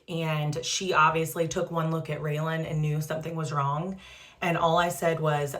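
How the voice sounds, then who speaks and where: Low-voiced mother telling a story. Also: fairly bright tone. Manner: emotional retelling, fillers like "like" and "um"; trying a skincare product while talking. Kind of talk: casual storytelling vlog.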